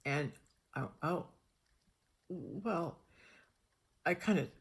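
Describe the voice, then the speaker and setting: An older woman telling a personal story in a rambling, animated way, acting out the dialogue. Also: low voice, extremely slow, vocal fry, slightly rough. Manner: rambling, animated, acts out dialogue in shifting voices.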